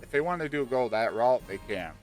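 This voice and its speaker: A man chatting casually and excitedly about a video game, rambling with lots of fillers. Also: mid-range voice, a little fast. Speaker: gaming channel host. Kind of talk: casual speculative chat. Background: faint background music.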